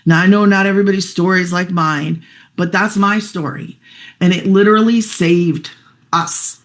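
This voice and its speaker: A woman's voice: lowish voice, steady tone, moderate pace. A middle-aged single mother sharing a personal testimonial, heartfelt and chatty, fighting back tears at times. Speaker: guest sharing her story.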